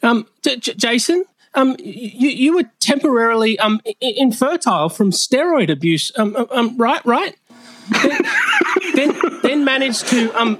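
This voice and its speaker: A man's voice: very high-pitched, pitched above the performer's own voice, low-quality recording. A man voicing a nervous grown man who stammers and hesitates on nearly every word during a comedy roast bit.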